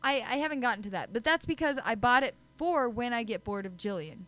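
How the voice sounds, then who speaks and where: A woman's voice: fairly high pitch, lively intonation, brisk, fairly bright tone, rough recording. A woman co-hosting a podcast, chatty and giggly, poking fun at herself in casual chat. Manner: giggly, chatty, self-deprecating. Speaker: podcast co-host.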